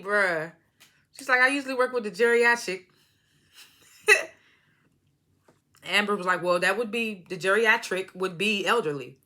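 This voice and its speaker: Bright, laughing woman recapping reality TV. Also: medium pitch, normal speed, long pauses. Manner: laughs often while retelling scenes; loose slangy storytelling, acts out quotes. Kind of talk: casual episode recap.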